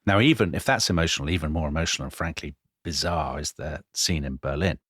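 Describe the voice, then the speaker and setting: A man co-hosting a podcast, telling history in a lively conversational way and acting out quoted lines. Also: extremely low pitch, fast, slightly rough, no echo, studio quality. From Britain. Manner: animated, dramatizing quotes with voice changes. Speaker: podcast co-host.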